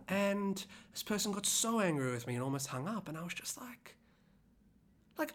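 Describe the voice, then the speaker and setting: On a podcast, a singer-songwriter rambles casually about the story behind a song, full of fillers and restarts. Very animated and fairly quick, with a sharp tone, the voice leaps up in pitch when reliving anger.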